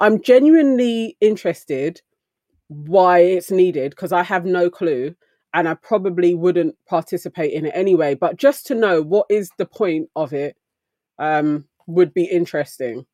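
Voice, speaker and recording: A woman's voice: lowish voice, a little mellow, dry recording, clean studio sound. A woman in a casual group chat, candid and musing as she thinks aloud. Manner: candid, musing, laughs easily. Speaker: podcast co-host.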